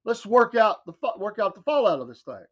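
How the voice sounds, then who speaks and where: A man's voice: high voice, sing-song, fairly quick, husky, lo-fi sound. A man with a Southern American accent hosting a morning talk show, riffing in a folksy, wry way with mocking asides. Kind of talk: casual talk radio monologue.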